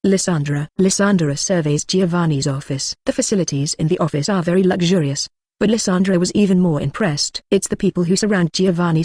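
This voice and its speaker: A text-to-speech voice reading a translated novel as an audiobook, flat and literal, even reading punctuation marks aloud. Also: medium pitch, no room sound, studio quality. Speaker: audiobook narrator. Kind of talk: machine-read audiobook narration.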